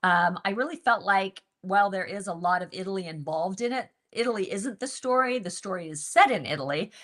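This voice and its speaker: A woman hosting a book group interview, chatting casually and telling stories in an animated way, laughing often. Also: mid-range voice, fairly quick.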